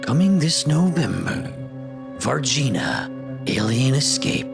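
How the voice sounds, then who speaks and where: A man playing a dramatic male movie-trailer announcer, speaking slowly and portentously in a parody trailer. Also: medium pitch, very animated, vocal fry, music in the background, voice pushed up, heavily acted. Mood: ominous. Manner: slow, portentous trailer delivery.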